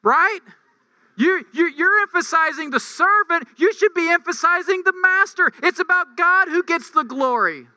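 A man's voice: very high-pitched, animated, moderate pace, sharp tone, no room sound, clean studio sound. A man preaching a conversational sermon, reading scripture aloud and driving points home with rhetorical questions and emphatic peaks. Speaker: campus ministry preacher.

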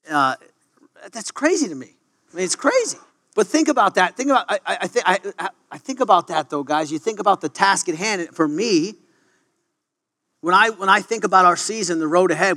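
Bright-voiced, excitable preaching coach man. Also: high voice. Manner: excitable, stumbling restarts and quick asides. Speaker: wrestling coach. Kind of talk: devotional talk to a sports team.

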